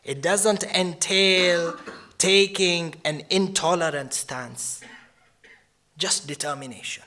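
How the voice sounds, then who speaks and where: A man's voice: on the high side, fairly even intonation, slow, bright, forceful tone. A man giving a mournful sermon, mixing Arabic religious terms into his English and swelling into lamenting cries. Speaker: shaikh giving a Muharram lecture.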